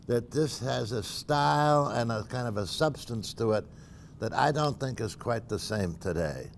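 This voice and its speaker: Gravelly older man lecturing. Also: lowish voice, a little hiss or hum. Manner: wry, reflective, with dry asides and filler "uh"s. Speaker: math professor giving a lunch talk. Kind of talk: informal lecture. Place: university seminar room.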